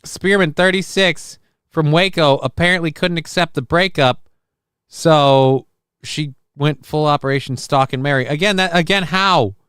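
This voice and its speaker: A man's voice: a little high, a bit bright, clean tone, no room sound, clean studio sound. Wisecracking male podcast host. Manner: sarcastic, profane, quick jokes. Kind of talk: casual comedic chat.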